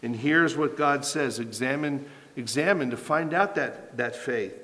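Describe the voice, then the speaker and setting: A man's voice: medium pitch, a little slow, bright, forceful tone, long reverb tail. A man preaching a sermon as pastor, asking rhetorical questions and building in intensity as he reads scripture.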